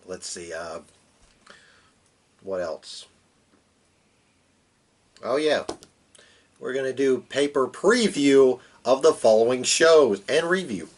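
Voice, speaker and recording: A man's voice: mid-range voice, lively intonation, takes it slowly, pauses often, a little hiss or hum. A man with a mid-range voice co-hosts a casual podcast and sits back from the mic. His remarks are sarcastic and crude, delivered dryly. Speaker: podcast co-host. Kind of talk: casual chat. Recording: distant from the mic.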